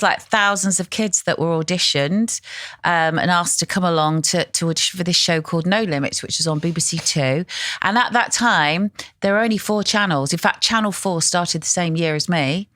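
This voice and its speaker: A well-spoken English woman in her fifties from Essex, a longtime TV presenter guesting on a podcast. She talks in a relaxed, chatty way and laughs easily. Her voice sits fairly low, recorded close and dry. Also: no echo. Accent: well-spoken southern English. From Essex, England. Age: 50s. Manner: chatty storyteller, laughs often. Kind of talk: casual interview chat.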